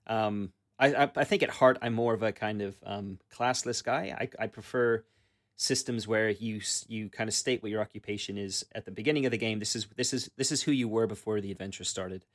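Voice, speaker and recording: A man's voice: on the low side, a bit bright. A man co-hosting a tabletop gaming podcast, chatting casually with lots of fillers and restarts. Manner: rambling, many fillers and restarts. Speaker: podcast co-host. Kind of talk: casual chat about tabletop games.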